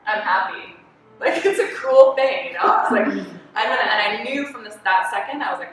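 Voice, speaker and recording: Canadian woman telling stories at a talk, bright voice, far off mic in an echoey room, bit of hiss. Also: medium pitch, brisk. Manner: animated storyteller, laughs often, lots of fillers. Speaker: artist and designer guest. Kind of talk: candid conversational interview. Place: event space. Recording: echoey room, distant mic, faint noise.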